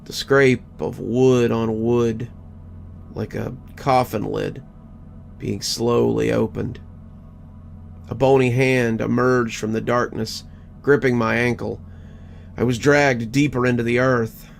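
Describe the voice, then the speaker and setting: Gravelly-voiced man narrating horror. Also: medium pitch, fairly even intonation. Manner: measured, first-person storytelling. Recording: faint background music.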